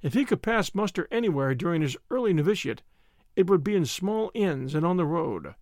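Man, wry storytelling, high voice, animated delivery. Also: brisk, no room sound, clean studio sound. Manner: wry, dryly humorous storytelling. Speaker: audiobook narrator. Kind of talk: scripted narration.

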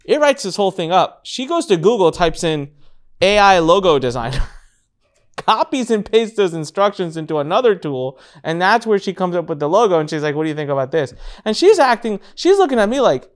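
A man with a slightly high voice hosts a casual business conversation. He tells stories with energy and jumps up in pitch whenever he acts out what others said. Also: a little fast. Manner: animated storyteller, acts out quotes with big pitch jumps. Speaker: podcast host.

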